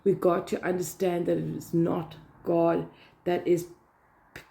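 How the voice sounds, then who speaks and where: A woman's voice: mid-range voice, dark tone. A woman giving a casual devotional talk, earnest and emphatic, repeating key words. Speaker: Christian vlogger.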